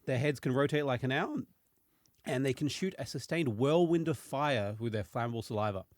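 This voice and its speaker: A man hosting a casual podcast chat, reading notes with plenty of ums and quick laughs. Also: medium pitch, no room sound, clean studio sound. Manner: reads notes with many fillers, laughs easily. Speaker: podcast host presenting dragon lore.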